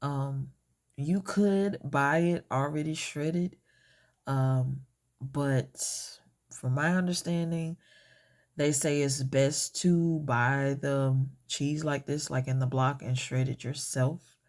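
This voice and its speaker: A woman's voice: very deep voice, fairly even intonation, takes it slowly, a little mellow. A woman giving a casual cooking tutorial in her home kitchen, talking hesitantly with many fillers and correcting herself as she goes. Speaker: home cook.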